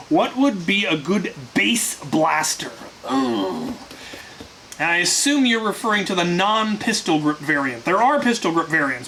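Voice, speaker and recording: Answering viewer questions from a workshop, this host replies dryly and offhandedly, restarting and using fillers. He has a high, bright voice with a forceful tone, recorded in low quality with faint hiss.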